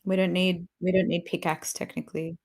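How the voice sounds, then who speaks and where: A woman's voice: fairly low pitch, little pitch movement, fairly quick, vocal fry, a little mellow. A woman live-streaming a game, chatting casually with a teammate and greeting viewers, laughing often. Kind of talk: casual live-stream chat while gaming.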